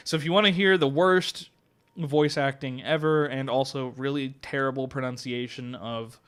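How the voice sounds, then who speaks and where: A man's voice: mid-range voice, steady tone, unhurried, long pauses, fairly bright tone, clear, resonant tone. A man streaming a game live, chatting casually with viewers, laughing at himself and swearing now and then. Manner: self-mocking, laughs often, swears casually.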